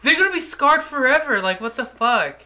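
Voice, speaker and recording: A young man co-hosts a casual podcast in a high, bright voice. He is eager and agreeable, and he keeps chiming in with quick "yeahs.". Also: lively intonation. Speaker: podcast co-host. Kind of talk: casual chat.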